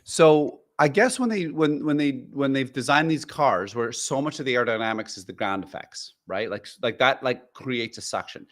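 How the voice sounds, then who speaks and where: A man's voice: mid-range voice, moderate pace, hardly any pauses, a bit bright. A man co-hosting a podcast, explaining things in a rambling way with lots of fillers and restarts. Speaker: podcast co-host. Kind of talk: casual chat.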